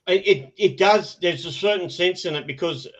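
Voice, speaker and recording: A man hosting a podcast, talking in a fairly high voice and rambling with lots of laughs and restarts. The audio is dull and lo-fi. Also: normal speed. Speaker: podcast host. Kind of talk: casual podcast chat.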